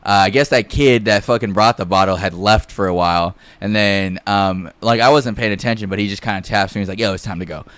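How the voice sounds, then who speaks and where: A man's voice: lowish voice, fairly quick, hardly any pauses, fairly bright tone, smooth, no echo. A young man telling a casual, rambling story on a podcast, full of fillers and swearing. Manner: rambling, heavy fillers and profanity.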